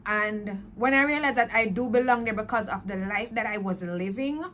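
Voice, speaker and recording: A woman's voice: mid-range voice, normal speed, fairly bright tone, a little hiss or hum. A woman telling her personal faith testimony, earnest and repetitive, slipping into patois. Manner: earnest, repetitive, emotional retelling. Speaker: testimony speaker.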